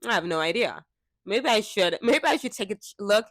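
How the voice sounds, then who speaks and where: A woman's voice: mid-range voice, lively intonation, normal speed, a bit bright, no room sound, studio quality. Frank, chatty young woman vlogger. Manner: frank, chatty, laughs often. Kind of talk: casual talk to camera. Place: indoors, seated before a fixed camera. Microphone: camera mic.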